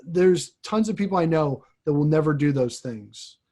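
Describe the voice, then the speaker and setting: A man, a priest hosting a podcast, talking casually and haltingly, often repeating words as he thinks. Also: fairly high pitch, lively intonation, dark tone. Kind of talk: casual conversation.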